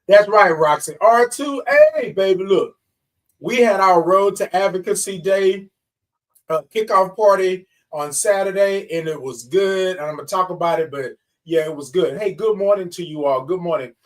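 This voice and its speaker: A man running a morning livestream show sings out long good mornings, greeting viewers energetically as y'all and baby. His voice sits high, he speaks at normal speed, and the recording is distant.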